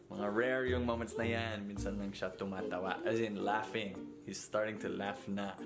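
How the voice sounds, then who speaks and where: A man's voice: lowish voice, level tone, normal speed, gravelly, loud music behind the voice. A man casually vlogging about his baby son, playful and switching between Filipino and English. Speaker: vlogger, father. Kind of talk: casual family vlog chat.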